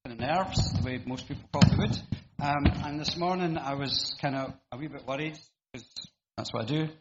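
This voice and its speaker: A middle-aged preacher with a medium-pitched voice talks fairly quickly, giving an informal, chatty, self-deprecating sermon in a church hall with frequent ums and restarts. The audio is very noisy, echoey, and slightly dull.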